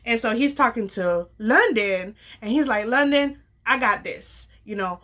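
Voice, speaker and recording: A young adult woman casually telling a personal story, acting out the dialogue with lively slang. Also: a little high, a little slow. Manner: animated, acts out quoted dialogue, casual slang.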